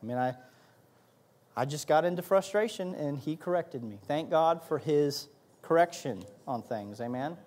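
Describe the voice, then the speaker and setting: A man preaching a sermon as an associate pastor, animated and emphatic, often repeating words and laughing as he goes. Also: on the high side, moderate pace.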